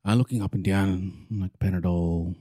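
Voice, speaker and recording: Young man, lively storyteller on a chat podcast, low-set voice, dry close sound. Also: moderate pace, husky, no echo. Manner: animated, acts out quoted voices; swears casually.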